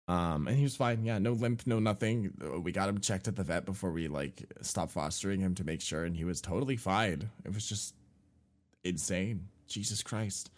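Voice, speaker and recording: His low-pitched voice carries a loose, filler-heavy, profane story as he co-hosts a podcast. The memory of the shock makes him loud and animated.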